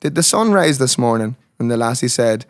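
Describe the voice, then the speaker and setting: A man's voice: mid-range voice, expressive, brisk, no echo, clean studio sound. A man, a musician guest on a radio show, speaking earnestly and with heartfelt, preacher-like conviction. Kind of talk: casual conversational interview.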